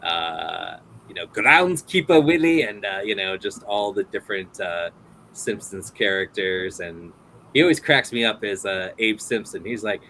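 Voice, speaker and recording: A man's voice: low voice, normal speed, sharp tone, a little hiss or hum, low-quality recording. A man hosting a casual interview, telling rambling stories full of fillers and laughs. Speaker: host.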